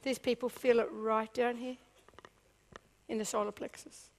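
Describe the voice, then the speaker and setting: A woman giving a seminar talk to a live audience, animated and often checking in with the crowd. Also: a little high, a little slow, slight background noise. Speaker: business speaker.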